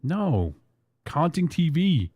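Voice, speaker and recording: A man's voice: a little high, very animated, slow pace, a little mellow, no room sound. A man hosting a casual podcast, reading fan tweets aloud in a loose, rambling way. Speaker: podcast host.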